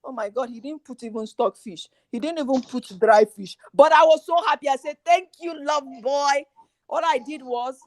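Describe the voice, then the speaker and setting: A middle-aged woman, a guest on a relationship talk show, telling lively stories and acting out bits of dialogue. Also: high voice, fairly quick, hardly any pauses, no echo. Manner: animated storytelling, acting out quoted dialogue. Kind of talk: casual chat.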